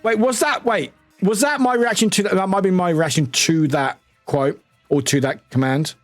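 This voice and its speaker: A high-sitting male voice comes through a dry recording at normal speed. The speaker is a British streamer who chats casually with viewers, laughing often, swearing, and reading chat out loud, over faint background music.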